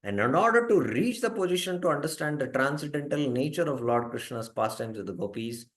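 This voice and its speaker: A man teaching a scripture class in a calm, mid-pitched voice. He explains step by step, pausing with small hesitations as he goes. Now and then he turns to quiz his students. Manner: quizzes students by name.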